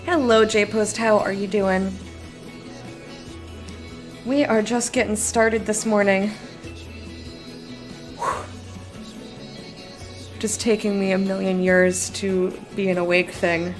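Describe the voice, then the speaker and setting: A sleepy woman chats casually on a live stream, her medium-pitched voice fairly even, slow, and full of pauses, with soft music in the background. She rambles, giggles often, and reads her chat aloud to answer it.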